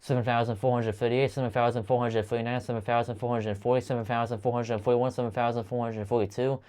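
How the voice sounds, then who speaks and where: A man counting aloud at length, stumbling and restarting often as he goes. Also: mid-range voice. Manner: rapid steady counting with frequent stumbles and restarts. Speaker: channel host counting aloud. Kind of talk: long monotone counting video.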